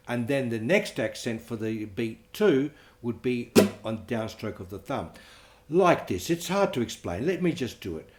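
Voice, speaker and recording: Slow-talking man teaching flamenco guitar. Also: medium pitch, very animated. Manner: slow, counts beats aloud over guitar.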